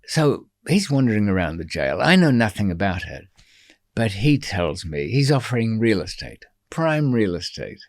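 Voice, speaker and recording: Low-voiced man telling a rambling story. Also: very animated, moderate pace, no room sound, clean studio sound. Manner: rambling and digressive, many ums, wry asides. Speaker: podcast guest. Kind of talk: storytelling in an interview.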